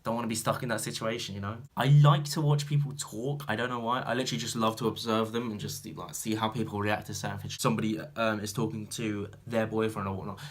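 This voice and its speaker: A young British man chatting to camera as a vlogger, rambling and full of fillers, swinging from loud animated bursts to mumbled asides. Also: lowish voice, fast, few pauses. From Britain. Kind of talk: casual chat to camera.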